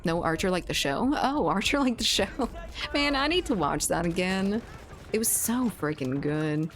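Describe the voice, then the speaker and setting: A woman's voice: fairly low pitch, expressive, normal speed. A woman streamer chatting casually with viewers while gaming, laughing often and swearing freely.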